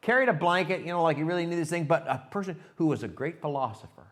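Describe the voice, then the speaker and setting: A man's voice: fairly high pitch, fast. Male pastor telling a sermon story. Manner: animated storytelling, shifts to hushed reflection; talks directly to the congregation.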